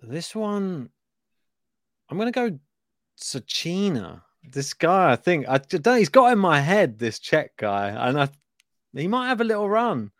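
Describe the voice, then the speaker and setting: A man's voice: fairly high pitch, very animated, unhurried, a bit bright, dry recording, clean studio sound. A man co-hosting a tennis podcast, casual and playful, often unsure and laughing as he makes his picks. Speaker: podcast co-host.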